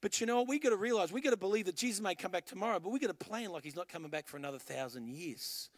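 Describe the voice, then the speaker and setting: Australian male pastor, middle-aged, high-pitched, dry close sound, chatty storytelling sermon. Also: lively intonation, racing, dry recording. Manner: storytelling, conversational, punchy short phrases.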